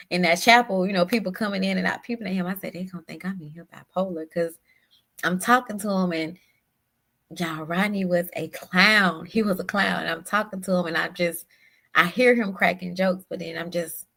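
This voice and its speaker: A woman guest telling a personal story in a halting, emotional way, often repeating her words. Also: fairly low pitch, gravelly, fairly bright tone. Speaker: podcast guest.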